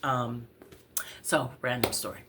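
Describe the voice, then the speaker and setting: A woman telling a casual personal story in a relaxed, chatty way, clearing her throat now and then from a cough. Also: rumbling low, noisy background. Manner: slow, relaxed, chatty with fillers and soft laughs. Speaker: poet and storyteller.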